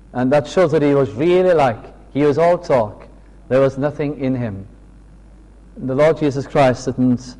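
A man preaching a sermon, telling the story slowly and earnestly and acting out the quoted speech. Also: medium pitch, dark tone. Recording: long reverb of a hall.

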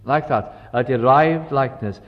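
Older preacher, long hall echo. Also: male voice, mid-range voice, unhurried. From Wales. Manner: reflective, storytelling, warm asides. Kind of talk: sermon. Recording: dull recording with long hall reverb.

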